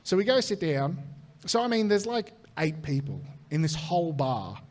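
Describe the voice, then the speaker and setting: A man's voice: a little high, normal speed. Australian man telling a wild story. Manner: animated, swears freely, acts out quoted voices. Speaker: comedian guest. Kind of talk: live comedic storytelling.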